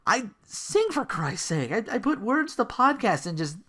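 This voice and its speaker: A man does a casual solo podcast, rambling loosely at a normal speed. His pitch is lively and jumps up and down a lot, and he keeps stumbling over words and putting himself down.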